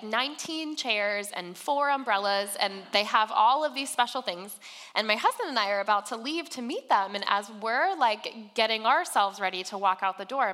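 A woman's voice: a little high, bright, forceful tone. A young adult woman giving a conversational sermon, chatty and storytelling, with fillers like "um" and "like", recorded in a church hall. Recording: long reverb of a large hall.

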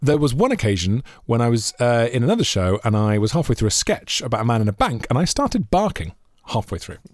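A man's voice: medium pitch, fairly quick, no room sound, studio quality. A Welsh man co-hosting a podcast, chatting casually and telling jokey stories with lots of laughter. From Wales. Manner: jokey, animated storytelling, often laughing. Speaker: podcast co-host. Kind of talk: casual chat.

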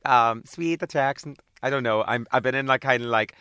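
A man's voice: mid-range voice, normal speed, sharp tone, smooth, dry recording, clean studio sound, natural voice. Man putting on a sultry foreign lady. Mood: playful. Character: sultry woman with a Nordic-style put-on accent, smoking.

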